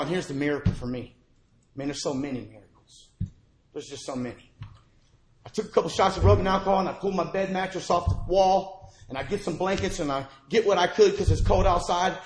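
Man, slightly high voice, recovery-meeting speaker, earnest testimony, roomy echoey church hall. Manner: earnest, swings from hushed to shouting. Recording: echoey room.

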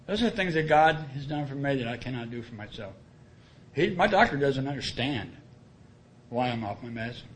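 A man's voice: a little high, a little hiss or hum. Earnest plain-spoken man sharing testimony. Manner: earnest, colloquial, repeats key phrases. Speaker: speaker sharing his story at a recovery meeting.

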